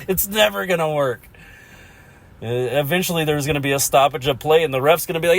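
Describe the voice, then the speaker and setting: A man's voice: a little high, moderate pace, long pauses. A man hosting a casual solo podcast, rambling about hockey and laughing at himself. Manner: rambling, chuckles often, self-mocking. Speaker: podcast host.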